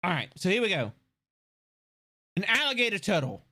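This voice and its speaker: A man's voice: high voice, normal speed. A man streaming live, chatting casually and animatedly with lots of swearing and laughter. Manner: animated, profane, laughing often.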